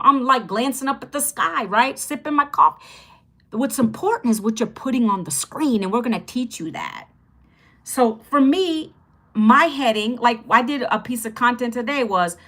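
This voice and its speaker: A woman's voice: fairly high pitch, sharp tone. A woman in her fifties hosting a casual livestream, chatty and upbeat, greeting viewers and repeating phrases as she teaches. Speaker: livestream host teaching online income.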